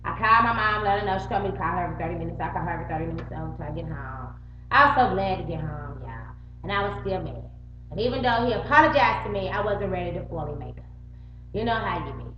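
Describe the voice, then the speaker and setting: Her voice is fairly low, expressive and quick: a middle-aged woman vlogging to the camera, swearing liberally while performing both parties in an argument. A crowd can be heard in the background, and the home audio is roomy and muffled, with a faint hum.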